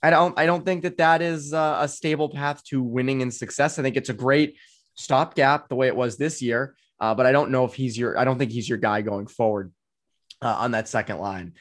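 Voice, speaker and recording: A man with a Boston accent hosting a casual sports podcast, animated and chatty, his voice jumping up when he gets excited, with frequent ums and restarts. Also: medium pitch, fairly quick. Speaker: podcast host.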